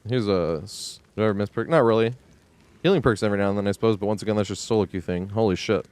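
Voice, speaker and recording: A man streaming a game live, ranting in exasperation with frequent swearing and yelling at the screen in bursts. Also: lowish voice, quick pace, smooth. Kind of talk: live gameplay commentary.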